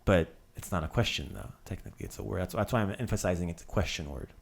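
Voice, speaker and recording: A man's voice: low voice, quick pace, creaky, slightly rough. A man hosting a casual language lesson, drilling words with playful asides. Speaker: language teacher.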